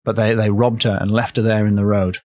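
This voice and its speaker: A man's voice: lowish voice, little pitch movement, a little fast, a little mellow, dry recording, clean studio sound. A man hosting a comedy podcast, telling folklore stories in a rambling, playful way and correcting himself as he goes. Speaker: podcast host, storyteller.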